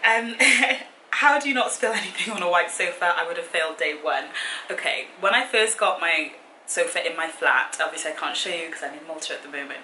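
A young woman chatting casually to camera in a Q and A, easily sidetracked and quick to laugh. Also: lowish voice, animated, pushed and bright, roomy sound, a little hiss or hum, low-quality recording. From Britain. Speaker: fitness vlogger. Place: hotel room.

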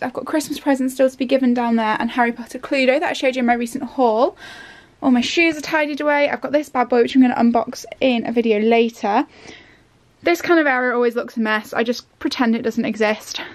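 A chatty young woman rambles to her vlog camera from her bedroom, full of ums and likes. Her voice sits a touch high with a gravelly edge of fry. It sounds casual and unscripted, filmed handheld. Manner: rambling, chatty, lots of fillers. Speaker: vlogger. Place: bedroom at home.

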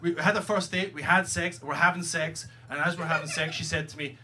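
Scottish guy doing standup, kinda high voice, crowd laughing loud behind him. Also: steady tone, brisk, slight background noise. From Scotland. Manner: rambling storytelling with frequent "right?" asides. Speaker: stand-up comedian. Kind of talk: stand-up comedy set. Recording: live club recording with loud audience laughter. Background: audience laughter.

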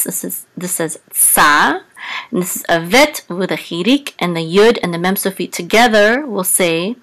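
A woman teaching a casual Hebrew reading lesson, sounding out letters slowly with many pauses and ums. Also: a bit bright. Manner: slow, deliberate, with many ums, sings the trope marks on a higher pitch.

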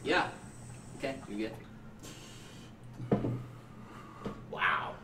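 A man co-hosting a casual livestream podcast, stoned, slow and rambling, with coughing fits. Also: medium pitch, big pitch swings. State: high, coughing. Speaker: podcast co-host. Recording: echoey room with faint noise.

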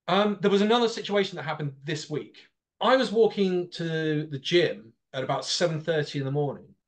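A man, a podcast host telling a long story in a casual political discussion. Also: fairly high pitch. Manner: animated storytelling, long run-on turns.

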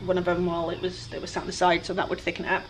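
A woman's voice: on the low side, completely flat delivery, very fast, slight background noise, low-quality recording. A woman with a Welsh accent chatting casually and self-deprecatingly to viewers while she paints furniture outdoors. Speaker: furniture flipper. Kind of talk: casual DIY vlog narration. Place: outdoor work area with flies.

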